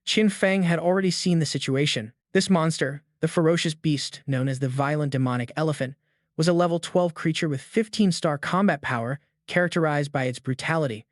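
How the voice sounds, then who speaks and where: Male narrator, steady scripted recap reading, dry sound. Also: fairly high pitch, a little fast, no room sound.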